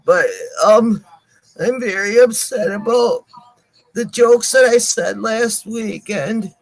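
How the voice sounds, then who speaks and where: An older woman co-hosting a live stream, apologizing to viewers in halting speech with many pauses and repeated words. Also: on the high side, low-quality recording.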